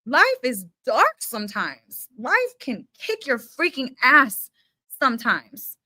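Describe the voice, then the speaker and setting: A young woman giving an unfiltered spiritual pep talk in casual slang, emphatic and animated, with mild swearing. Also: on the high side, takes it slowly, no room sound, clean studio sound. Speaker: spiritual self-help speaker. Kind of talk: unfiltered motivational rant.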